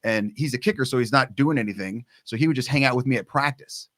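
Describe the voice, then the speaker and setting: Middle-aged male guest, lively storyteller who mimics the people in his stories, dry close sound. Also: medium pitch, quick pace, no room sound. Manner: lively storyteller who acts out quoted dialogue. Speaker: guest, long snapping coach. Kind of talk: casual storytelling interview.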